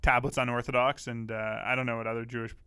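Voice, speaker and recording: A man's voice: medium pitch, flat delivery, quick pace, pushed and bright, clean tone, no echo. A man co-hosting a podcast in a studio, chatting casually with dry, wry humor. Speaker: podcast co-host. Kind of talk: casual chat.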